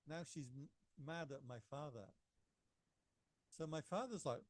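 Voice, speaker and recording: A man teaching meditation in a relaxed, story-telling way and acting out the people in his story. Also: fairly high pitch, moderate pace, pauses often, dry recording, clean studio sound. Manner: relaxed anecdotal, acts out quotes. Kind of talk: storytelling dharma talk. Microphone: remote class microphone.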